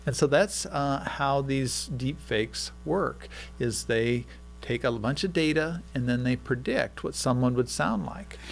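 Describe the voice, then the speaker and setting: Man, lecturer, radio guest, explanatory, filler-heavy, medium pitch. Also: a little slow, gravelly, a little hiss or hum. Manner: explanatory, with frequent "uh" and "um". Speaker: guest expert on deepfakes.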